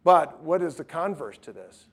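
A man teaching a Bible study who reads scripture aloud and talks haltingly, with many restarts. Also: on the high side, sing-song, slightly rough.

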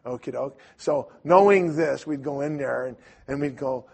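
A man with a gravelly, husky, mid-range voice preaches a sermon at a moderate pace. He tells stories conversationally, with many fillers and restarts, animatedly acting out the voices of the people he quotes.

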